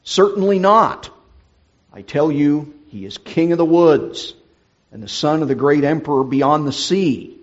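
A man's voice: animated, measured pace, muffled recording. A man voicing a stern, proud male talking beaver in a storybook read-aloud. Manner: stern, booming storybook reading.

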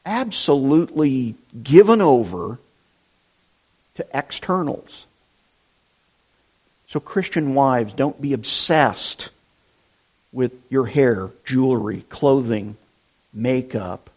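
A middle-aged man preaching a sermon, deliberate and emphatic, repeating his key phrases. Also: on the high side, slightly rough. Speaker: pastor. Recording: dull lo-fi sound.

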